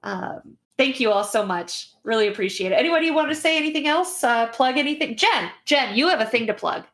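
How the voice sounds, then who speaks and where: A woman's voice: fairly high pitch, animated, a little fast, a bit bright. A woman hosting a game stream, chatting casually with frequent ums and uhs as she wraps up. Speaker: host. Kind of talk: casual livestream wrap-up.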